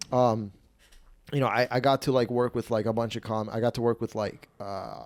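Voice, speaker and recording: A young man hosting a comedy podcast, telling a rowdy story and acting out the shouted lines. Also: mid-range voice, normal speed, no echo. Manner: animated, swearing, acts out quotes loudly. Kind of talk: casual storytelling.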